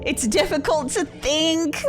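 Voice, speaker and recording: A woman's voice: high voice, slow. A young woman streaming, reading a horror text game aloud and reacting with yelps, swears and nervous laughs.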